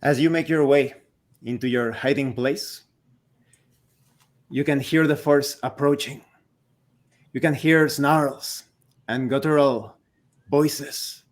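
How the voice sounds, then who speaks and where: A man narrating a tabletop game as game master, slow and deliberate. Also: mid-range voice, fairly even intonation.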